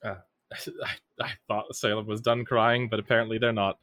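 Low-voiced man, dry close sound. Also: flat delivery, normal speed, a bit bright, no room sound. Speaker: player. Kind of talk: casual game-table chat.

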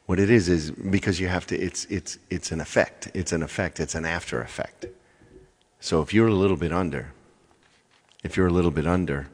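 Man, very low voice, animated pitch, casual live-stream chat, rambling, repeats himself. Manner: rambling, repeats phrases, chatty. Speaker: singer live-streaming to viewers.

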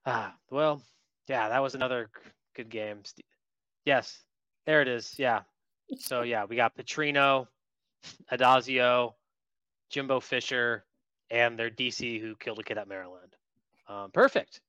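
A man co-hosting a casual sports podcast, telling lively stories about what he saw at a game. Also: medium pitch, a little slow, pauses often, smooth, no echo, muffled recording. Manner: lively anecdotal storyteller. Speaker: podcast co-host.

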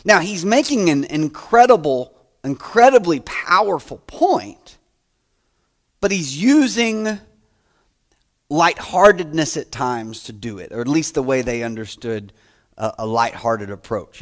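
A man delivers a sermon at an unhurried pace, his voice sitting a little high. He tells stories, jumping up loud for quoted lines and dropping to quiet asides. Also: lively intonation. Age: adult, grew up playing school basketball. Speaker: pastor.

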